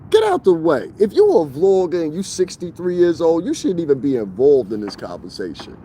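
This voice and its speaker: A man's voice: a little high, very animated, a little fast, mellow, a little hiss or hum. A man livestreaming outdoors by a street, ranting to his viewers in a mocking, confrontational way and laughing often. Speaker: livestreaming vlogger. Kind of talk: casual livestream rant to viewers.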